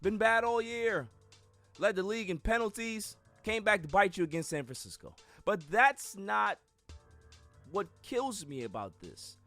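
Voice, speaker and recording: A man hosting a sports podcast in casual talk, emphatic and animated, often repeating words as he builds a point. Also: high voice, a little slow, soft background music. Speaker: podcast host.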